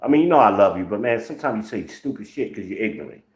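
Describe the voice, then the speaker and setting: A man in his forties, originally from the northern United States, delivers blunt, profane social commentary as a channel host. His voice sits on the low side, and his sarcasm comes through clearly. The recording has a noticeable room echo. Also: expressive, fast talker.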